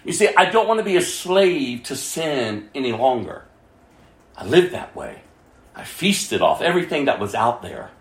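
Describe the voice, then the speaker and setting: A man preaching a sermon as pastor, impassioned and full of rhetorical questions, dropping from loud to hushed. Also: medium pitch, very animated, normal speed, echoey room.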